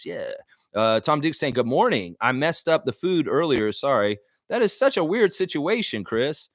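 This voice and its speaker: A man's voice: mid-range voice, normal speed, dry recording, studio quality. A man hosting a casual sports livestream, rambling and reading out viewer comments. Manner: reads viewer comments aloud, rambling and animated. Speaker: livestream host.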